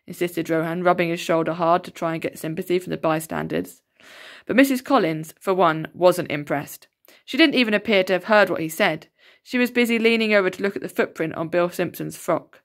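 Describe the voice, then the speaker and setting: A woman reading a children's novel aloud in a steady, expressive way. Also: on the low side, normal speed. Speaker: storybook reader.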